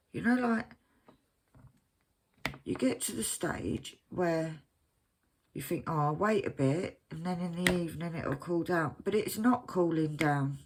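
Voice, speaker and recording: Slow, rambling woman chatting. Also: fairly low pitch, noisy background. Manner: rambling, chatty, self-mocking. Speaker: crafting vlogger. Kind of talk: casual chat while crafting. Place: at home, at her craft desk.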